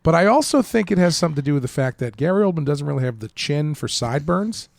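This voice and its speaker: A man co-hosting a podcast, talking enthusiastically about a film with dry humor and a gravelly voice. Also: on the high side, very animated, quick pace, no echo. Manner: enthusiastic, dry humor, frequent agreeing interjections. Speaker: podcast co-host. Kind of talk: casual movie discussion.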